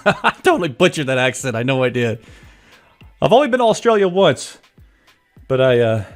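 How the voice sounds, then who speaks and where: Casting: male live-streamer, chatty and jokey, animated pitch, faint music behind. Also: normal speed. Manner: chatty, jokey, greets viewers by name. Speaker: livestream host greeting chat. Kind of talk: casual live-stream chat. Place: home office.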